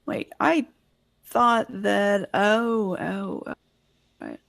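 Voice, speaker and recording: Woman roleplayer, flustered and stammering; slow delivery with a lively, swooping pitch. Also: gravelly, no room sound. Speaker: tabletop player. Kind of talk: in-character tabletop role-play.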